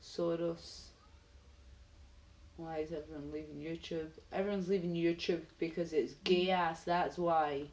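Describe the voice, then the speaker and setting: A woman's voice: deep voice, steady tone, a little slow, darkish tone, low-quality recording. A Scottish woman live streaming, chatting bluntly and casually, swearing and reading out video titles as she goes. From Scotland.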